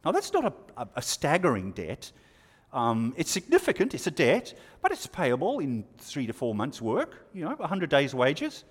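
A man with a slightly high, somewhat rough voice preaches a sermon, working through scripture verse by verse with wide swings in pitch. His delivery is expository, punctuated by pauses and rhetorical questions aimed at his listeners. A long hall reverb trails his words.

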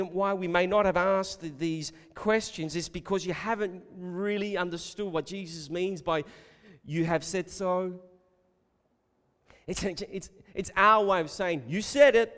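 A man delivers a sermon in a fairly high voice, pressing his listeners with repeated rhetorical questions and calling them beloved. His voice rings out with a long reverb, as if in a large church hall. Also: a little slow. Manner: emphatic, building to loud rhetorical questions, addressing listeners as beloved. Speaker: preacher.

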